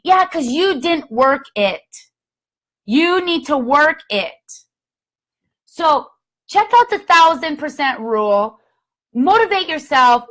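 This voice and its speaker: Pep-talking woman, young adult, blunt and energetic, slightly high voice, quick to jump between loud and soft. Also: poor audio. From Canada. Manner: energetic, blunt, swears casually, mimics voices. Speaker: Scentsy consultant and motivational vlogger. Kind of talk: casual motivational live chat.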